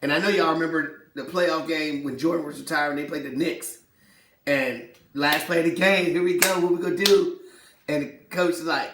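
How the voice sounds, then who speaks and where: A man hosting a casual sports talk show, animated and slangy, laughing often and acting out what players said. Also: a little high, distant mic. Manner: animated, slangy, quick to laugh, acts out quotes. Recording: echoey room, voice set back from the mic.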